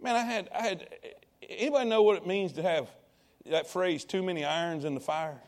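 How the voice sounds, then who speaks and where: Male preacher, high tenor voice, calls out to the congregation, drops low then rises loud. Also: brisk. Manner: call-and-response preaching to congregation. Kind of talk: sermon.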